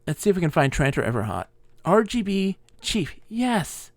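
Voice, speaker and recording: A man's voice: high-pitched, sing-song, normal speed, no room sound. A man streaming a game live, chatting playfully and reading character lines aloud in put-on voices.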